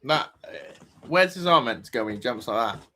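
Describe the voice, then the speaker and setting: Excitable man hosting a football watch-along. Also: mid-range voice, fairly quick. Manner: excitable, swears, shouts at players. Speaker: fan watch-along host.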